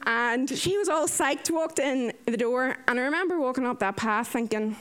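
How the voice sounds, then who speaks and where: A woman recounts her day as a nurse, her voice sitting a touch high. She tells it casually, acting out the lines she quotes from other people. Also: moderate pace, clear, resonant tone. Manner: lively, animated retelling with acted-out quotes. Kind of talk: casual storytelling.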